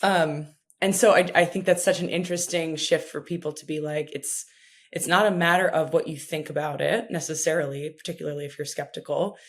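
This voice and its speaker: A woman's voice: low voice, steady tone, fairly quick. A woman hosting a podcast, asking thoughtful questions with self-deprecating asides. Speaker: podcast host. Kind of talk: interview questions, casual chat.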